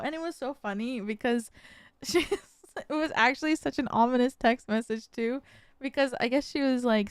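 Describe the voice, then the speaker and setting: A young woman streaming a game and telling a story in casual chat, animated and quick to laugh. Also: on the high side, smooth, no echo. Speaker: VTuber streamer playing a game.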